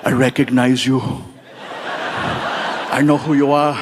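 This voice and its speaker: A man impersonating an enthusiastic muscleman movie star who greets fans with quick, repeated stock phrases. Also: mid-range voice, flat delivery, long reverb tail, noisy background, pitched below the performer's own voice, lightly acted. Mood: hearty.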